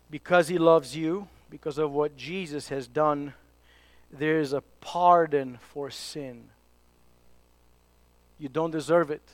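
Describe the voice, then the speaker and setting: A man preaching a sermon, emphatic, dropping to hushed tones for key points. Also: on the high side, no echo.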